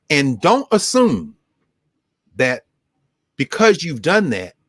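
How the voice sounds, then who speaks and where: A man giving an impassioned, preacherly talk as a regular guest scholar on a show, swinging his pitch widely. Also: no room sound, studio quality. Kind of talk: animated lecture-style talk.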